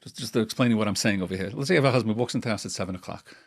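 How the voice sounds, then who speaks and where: A middle-aged couples therapist talks in an animated way, repeating words and acting out little scenes. His voice has a gravelly texture. The sound is dry, with no room echo. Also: on the low side, racing. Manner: animated, repeats himself, acts out examples. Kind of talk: conversational advice interview.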